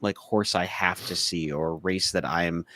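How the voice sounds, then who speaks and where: A man co-hosting a casual podcast chat, talking in a measured way with a mildly frustrated tone. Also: low-pitched, fairly even intonation, bright, forceful tone, no echo. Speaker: podcast co-host. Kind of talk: casual horse racing chat.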